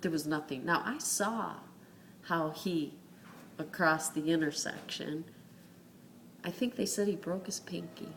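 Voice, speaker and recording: A woman's voice: low voice, a little slow, pauses often, slight background noise. A woman telling a personal faith story in an earnest, conversational way, with many fillers. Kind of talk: casual spoken testimony.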